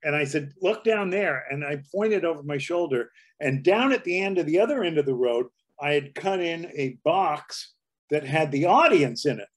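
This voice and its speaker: Animated older man telling a comedy story. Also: a little high, moderate pace. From Canada. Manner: storyteller who jumps into character voices. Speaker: comedy writer and performer, guest. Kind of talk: animated anecdote telling with acted-out voices.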